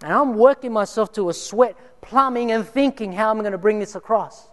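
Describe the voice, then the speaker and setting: A man's voice: sits high, normal speed, a bit bright. A man preaching a sermon and telling personal stories, dramatic, sometimes dropping to near whispers for emphasis. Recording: reverberant hall.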